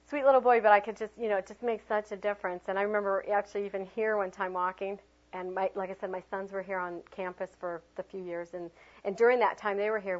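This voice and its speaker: A woman teaching a workshop on children's ministry, telling lively stories and acting out quoted voices in a high bright tone. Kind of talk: workshop talk. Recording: dull lo-fi recording.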